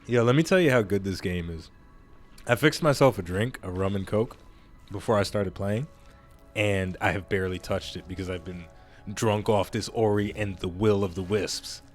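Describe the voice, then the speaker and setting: A man with a fairly low voice talks casually through a video game playthrough. He rambles, laughs often and pokes fun at himself. Quiet game music runs underneath. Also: normal speed. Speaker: gaming YouTuber. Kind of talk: casual let's-play commentary.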